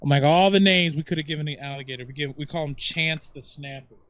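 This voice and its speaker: A man on a podcast telling an exasperated, animated story in casual chat. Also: on the high side, quick pace, lo-fi sound. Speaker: podcast co-host.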